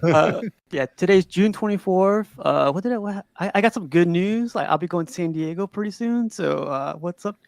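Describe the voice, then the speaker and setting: Male host on a casual call-in chat show, high pitch with gravelly edges, quick to laugh. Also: no room sound, clean studio sound. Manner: laughing, loose and joking. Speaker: podcast host.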